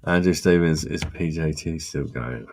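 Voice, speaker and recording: A man's voice: rumbling low, a little slow, darkish tone. A man hosting a casual live stream, chatting with viewers in a blunt, sweary way and laughing often. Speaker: livestream host reading chat.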